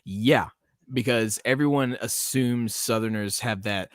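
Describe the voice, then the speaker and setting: A man's voice: lowish voice, a little slow, no echo. Rambling Southern-living man, dry sound. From American South. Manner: rambling, laughs often, reads chat aloud. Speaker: podcast host. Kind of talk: casual live-stream chat.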